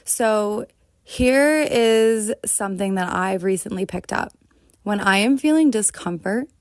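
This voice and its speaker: A woman's voice: mid-range voice, vocal fry, no echo, studio quality. A woman hosting a solo podcast, talking in an earnest, confessional way and often checking in with "right?". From United States. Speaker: podcast host. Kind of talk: reflective solo podcast talk.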